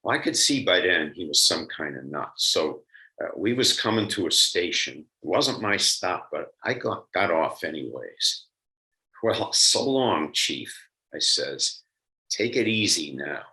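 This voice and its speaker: A man's voice: sits low, very animated, measured pace, sharp tone, exaggerated voice, low-quality recording. A man reading aloud as a brash middle-aged man from Brooklyn, in a put-on Brooklyn accent, telling his story in street slang. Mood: breezy. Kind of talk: dramatic reading of a short story.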